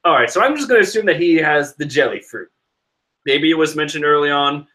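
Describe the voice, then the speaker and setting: A man's voice: on the high side, lively intonation, fairly quick, sharp tone. A man casually reading through a comic chapter aloud, joking and sarcastic with frequent laughs. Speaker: manga reader commentator.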